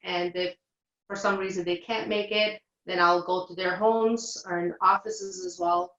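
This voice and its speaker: A woman describes her work in a casual interview, loose and relaxed, with frequent ums and uhs. Her voice sits at a middle pitch. The recording sounds roomy and a little dull. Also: a little slow. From Portugal. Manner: relaxed, many fillers. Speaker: reflexologist guest.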